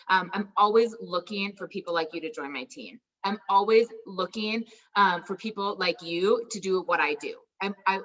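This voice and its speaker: A woman's voice: mid-range voice, bright, forceful tone, far from the mic, muffled recording. A woman leading a team call, giving upbeat, chatty coaching and acting out sample conversations. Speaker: team leader on a sales call. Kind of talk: motivational coaching talk.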